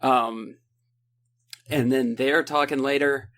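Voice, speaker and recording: A man in casual podcast chat, recapping a book in a rambling, sarcastic way and mimicking the characters in quick asides, with a lilt. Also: medium pitch, fairly even intonation, a bit bright. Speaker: podcast co-host.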